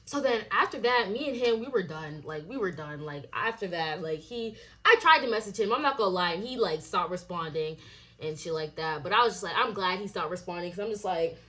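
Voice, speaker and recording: Animated young woman ranting a storytime. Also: a little fast. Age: young adult. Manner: animated, swearing, acts out quoted lines in a higher voice. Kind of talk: casual storytime rant.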